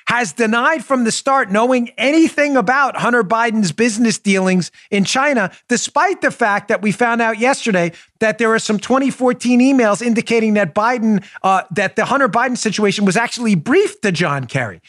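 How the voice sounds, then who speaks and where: A man's voice: very high-pitched, moderate pace, few pauses, fairly bright tone, no echo, clean studio sound. A middle-aged man hosting a political podcast, talking emphatically and jokingly through commentary and sponsor reads. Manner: emphatic, jokey, riffs and does mock voices. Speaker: podcast host.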